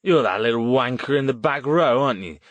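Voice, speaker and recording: A man's voice: mid-range voice, animated, a little fast, dry recording, pitched above the performer's own voice, lightly acted. A man voicing a drunken young thug with a crude, mocking way of talking. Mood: sneering.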